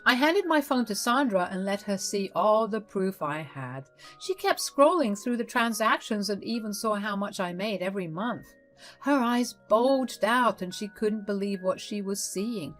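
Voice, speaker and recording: A woman narrating a first-person family story in a dramatic, lively way. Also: medium pitch.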